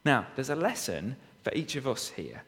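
A man's voice: mid-range voice, very animated, moderate pace, fairly bright tone. A man preaching a sermon, reading and expounding scripture with frequent rhetorical tag questions. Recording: long reverb of a hall.

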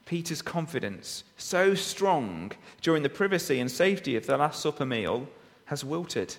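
A man's voice: mid-range voice, very animated, moderate pace, vocal fry, few pauses. A man preaching a sermon, reading and expounding scripture with frequent rhetorical tag questions. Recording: long reverb of a hall.

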